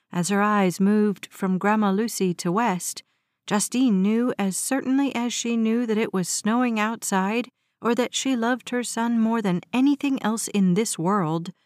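A woman's voice: on the high side, dry recording, clean studio sound. Woman reading a story aloud. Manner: steady, even storytelling. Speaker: narrator. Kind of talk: audiobook narration.

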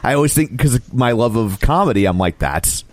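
A man's voice: mid-range voice, animated, fast, no echo. A man co-hosting a casual podcast, reading ads and chatting, prone to rambling tangents. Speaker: podcast co-host. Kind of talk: casual podcast chat and ad reads.

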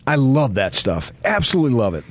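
A man's voice: medium pitch, sing-song, a little fast. A man hosting a morning sports radio show in a studio, talking with effusive, emphatic praise. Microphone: studio microphone.

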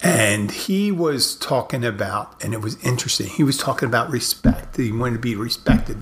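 A middle-aged man, a bartender hosting his podcast, telling stories in a casual, halting monologue with many restarts. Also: medium pitch, a bit bright, slight background noise.

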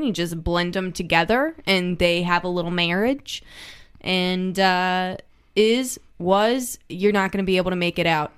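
Smooth-voiced woman with a mild Southern accent. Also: on the low side, a bit bright. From American South. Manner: chatty, laughs often. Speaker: podcast co-host. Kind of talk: casual chat.

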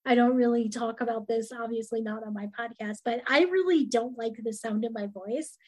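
A woman podcast host with a soft, soothing voice who speaks hesitantly and uses many fillers. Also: fairly high pitch, moderate pace. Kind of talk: podcast interview conversation.

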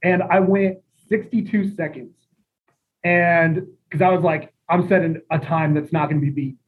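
A man's voice: on the high side, fairly even intonation, moderate pace. A young man telling a rambling party story in a laid-back, chuckling way. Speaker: podcast guest. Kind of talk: casual storytelling. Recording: tinny phone-like audio.

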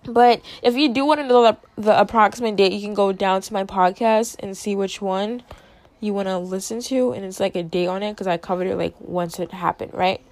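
A woman's voice: medium pitch, brisk, no room sound. Chatty woman with a dry close sound. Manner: chatty, animated, acts out quotes. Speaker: host. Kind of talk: casual commentary.

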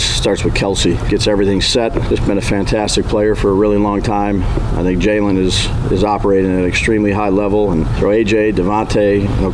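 A man's voice: fairly low pitch, noisy background. A man, a head coach, giving press conference remarks in short, clipped listing phrases.

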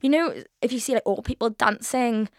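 A young woman of twenty talks quickly and loosely, piling on fillers and swearing. She hosts a casual solo podcast. The voice sits close and dry, with no room sound around it. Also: fairly high pitch, no echo. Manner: chatty, swears freely, frequent fillers. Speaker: podcast host. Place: London.

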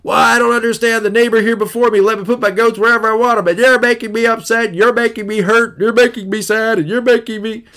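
A man voicing an upset neighbor who complains rapidly and piles up accusations. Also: extremely high pitch, fairly even intonation, bright, forceful tone, voice pushed up, heavily acted. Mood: aggrieved. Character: whiny upset neighbor man, aggrieved and self-pitying.

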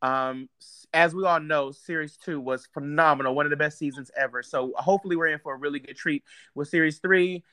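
A man's voice: a little high, fairly quick, sharp tone, smooth, dry recording. A man co-hosting a casual podcast, playful and sassy, often laughing. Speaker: podcast co-host.

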